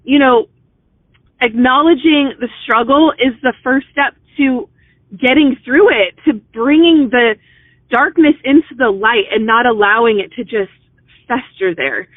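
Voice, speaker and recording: A middle-aged woman speaks in a high, bright register, earnest and encouraging, as if coaching a team of consultants. She talks conversationally, with "you know" and "um" sprinkled in. The sound is thin and phone-like, with no room around it. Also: a little slow, no echo. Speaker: business mentor speaking to consultants. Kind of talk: motivational talk.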